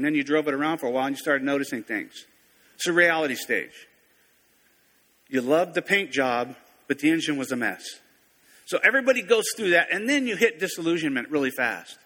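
A man's voice: fairly high pitch, expressive, brisk, bright, forceful tone. A man preaching a sermon in a conversational, folksy way, often correcting himself mid-sentence. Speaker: pastor. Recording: long reverb of a large hall.

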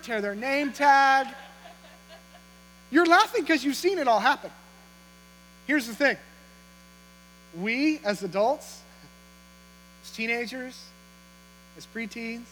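In a church auditorium, a pastor with an extremely high, slightly bright voice gives a sermon, chatting humorously with his congregation and teasing them with questions. The hall's long reverb carries a faint mains hum.

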